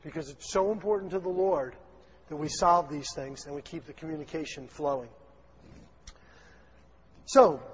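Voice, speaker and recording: A man's voice: sits high, husky. A man preaching a sermon with a Southern accent, folksy and chatty, acting out little dialogues. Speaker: pastor. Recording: dull, lo-fi sound in a long-echo hall.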